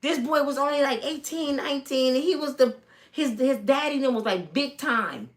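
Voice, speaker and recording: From home, a woman in her fifties casually tells stories on a live stream, animatedly voicing the people in them. Her voice sits high and moves at a moderate pace.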